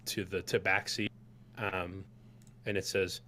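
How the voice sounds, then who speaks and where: A man's voice: on the low side, steady tone, moderate pace, fairly bright tone, a little hiss or hum. A man narrating a tabletop game as game master, rambling loosely with many fillers.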